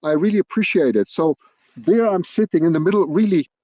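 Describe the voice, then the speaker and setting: A man's voice: fairly high pitch, expressive, fairly quick, mellow, no room sound, muffled recording. Chatty man livestreaming from a hilltop. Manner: chatty, thinking aloud with many restarts. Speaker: wildlife livestreamer. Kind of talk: live-streamed casual commentary. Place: outdoors on a hilltop. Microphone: external microphone at a laptop.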